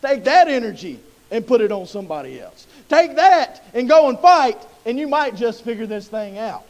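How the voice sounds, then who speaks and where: A man voicing God as calm and reassuring. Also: very high-pitched, normal speed, exaggerated voice. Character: calm, steady male God speaking.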